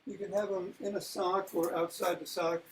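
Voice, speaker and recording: A man leading an exercise class, calmly cueing breathing and rolling moves, his voice a little worn. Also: high voice, a little hiss or hum, rough recording. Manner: calm, unhurried cueing of movements. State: losing his voice. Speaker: fitness class leader. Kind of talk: guided exercise instruction.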